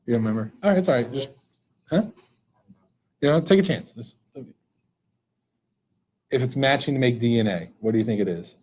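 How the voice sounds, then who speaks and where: A man's voice: mid-range voice, expressive, a little fast, long pauses, a little mellow, husky, muffled recording. A male teacher leading a live online class in a playful, joking way, coaxing students to answer, over a computer mic on a video call.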